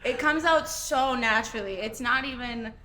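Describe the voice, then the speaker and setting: A woman's voice: a little high, moderate pace, sharp tone. A young woman from Minnesota with a Minnesota accent, chatting casually as a podcast guest, laughing often and trailing off into filler words. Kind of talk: casual chat.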